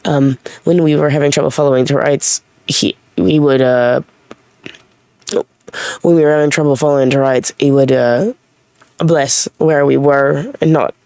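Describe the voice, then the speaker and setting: Brief: rambling, blunt vlogger, light Irish-tinged accent, gravelly, dry close sound. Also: medium pitch, fairly even intonation, moderate pace, darkish tone, dry recording. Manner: rambling, self-correcting, blunt with a bit of swearing. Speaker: vlogger speaking as an alter named Reese. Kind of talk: casual unscripted talk to camera.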